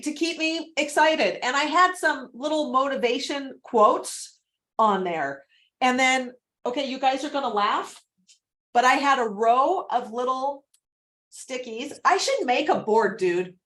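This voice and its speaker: A woman coaching on a video call, chatty and animated, laughing often as she talks. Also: high-pitched, unhurried. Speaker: real estate prospecting coach.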